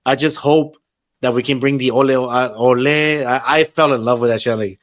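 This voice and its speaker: A man hosting a casual wrestling podcast, talking in an excitable, profane way and slipping Spanish phrases into his English. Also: mid-range voice, normal speed. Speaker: podcast host. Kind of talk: casual chat.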